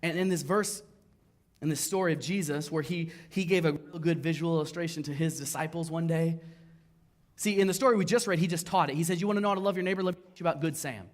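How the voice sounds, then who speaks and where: A pastor preaching a sermon from a church stage to his congregation. He tells his stories in an animated, self-mocking way. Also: fairly high pitch, quick pace.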